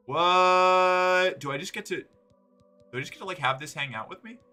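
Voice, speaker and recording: Chatting profanely during a gaming live stream, a man in his forties rambles and breaks off his own thoughts midway. His voice sits a little high and has a sharp tone.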